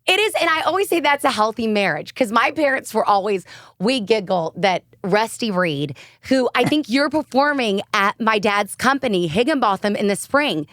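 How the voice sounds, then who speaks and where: A woman's voice: a little high, expressive, moderate pace, fairly bright tone, no room sound. A woman with a Southern American accent co-hosting a podcast, gushing and giggly in casual chat. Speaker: podcast co-host.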